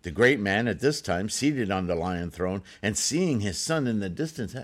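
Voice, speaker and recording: A man's voice: on the low side, lively intonation, normal speed. A man reading a Buddhist scripture aloud and breaking off into casual spoken commentary with frequent "right?" asides.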